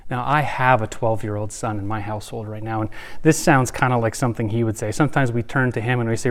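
A man in his thirties preaching a sermon, earnest, dropping to hushed lines and building to emphatic peaks. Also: mid-range voice, quick pace. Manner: earnest, swings between soft hushed lines and rising emphasis. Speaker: pastor.

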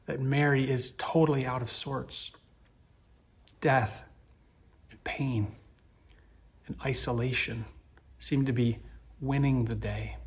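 A man preaching a sermon as a pastor, gentle and reflective, rising to earnest emphasis. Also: mid-range voice, a little hiss or hum.

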